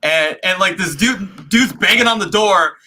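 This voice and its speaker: A man co-hosting a film podcast, chatting casually and excitedly, acting out movie lines and breaking into laughter. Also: high-pitched, unhurried, noisy background. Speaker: podcast co-host.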